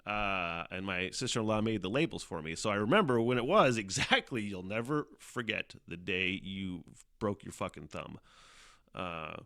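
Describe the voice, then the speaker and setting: Male solo podcaster, casual and profane, lively swooping delivery, bright edge, dry close mic. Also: lowish voice, moderate pace, dry recording. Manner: profane, rambling, self-mocking, laughs often. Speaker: podcast host. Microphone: headphones on, desk mic.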